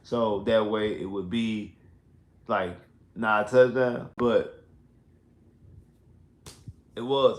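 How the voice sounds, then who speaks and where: A man's voice: lowish voice, unhurried, long pauses, reverberant. A man hosting a casual postgame sports livestream, talking in an emphatic, repetitive way that grows heated and exasperated. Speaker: sports talk livestream host. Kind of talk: casual postgame football rant. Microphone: headphones and home streaming setup.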